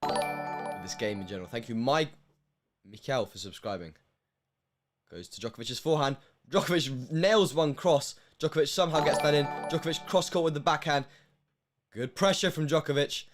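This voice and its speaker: A man's voice: a little high, normal speed, long pauses, over music. Emotional young man doing live commentary. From United Kingdom. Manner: emotional, swings from hushed to loud bursts.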